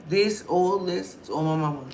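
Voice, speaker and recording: A young woman vlogger, chatting loudly and telling stories straight to camera. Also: on the low side, normal speed, slight background noise. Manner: loud, chatty storyteller. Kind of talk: casual talk to camera.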